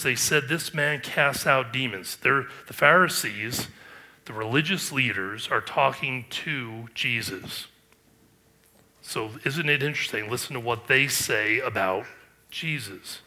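A man's voice: mid-range voice, pushed and bright. A man preaching a sermon, earnest and emphatic, with rhetorical questions. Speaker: pastor.

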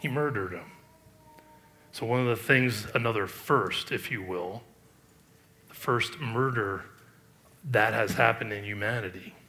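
Middle-aged pastor guy preaching, reads scripture then talks it through, bright tone. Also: fairly low pitch, unhurried, long pauses. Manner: reads scripture aloud, then comments with emphatic rises and quiet asides. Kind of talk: sermon.

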